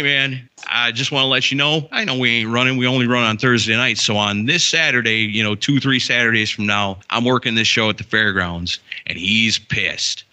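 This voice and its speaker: A man from Wisconsin, a ring announcer and guest, telling stories in casual chat and acting out the dialogue. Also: medium pitch. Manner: animated, acts out quoted dialogue.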